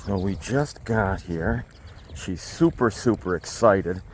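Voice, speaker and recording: A man who trains dogs explains his approach while walking through a state forest, frequently switching to a high baby-talk voice for the dog. His pace is slow, with some light noise in the background.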